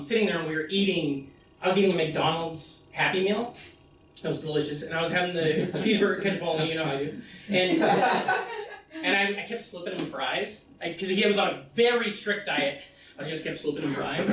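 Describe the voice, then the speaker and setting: A man performing a comedic one-man stage show, telling a story with animated delivery and acting out the people in it. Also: high-pitched, echoey room, distant mic, a little hiss or hum, rough recording. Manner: animated storytelling, acting out his mom and himself. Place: theater stage. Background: audience laughter.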